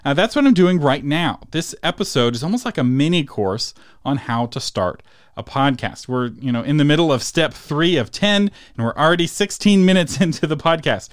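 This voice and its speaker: A man's voice: fairly high pitch, expressive, moderate pace, no echo, studio quality. A man hosting a solo instructional podcast, talking conversationally with frequent fillers and self-corrections. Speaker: podcast host.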